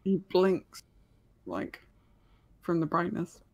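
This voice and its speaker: A woman's voice: on the low side, fairly even intonation, slow pace, darkish tone, highs cut off. A woman running a tabletop game as game master, narrating scenes in a hesitant way with many ums.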